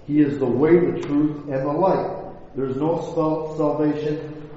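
Here a man with a warm, higher-pitched voice speaks at a measured, steady pace, giving a rambling, homespun Bible talk peppered with rhetorical questions. It's captured in an echoey hall, and the sound is muffled and lo-fi with a faint hiss.

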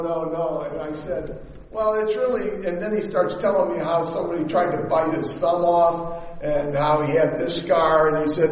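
A man preaching a sermon, telling stories in an animated way and quoting scripture in slow, emphatic bursts. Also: fairly high pitch. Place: church sanctuary. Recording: echoey hall, dull lo-fi sound.

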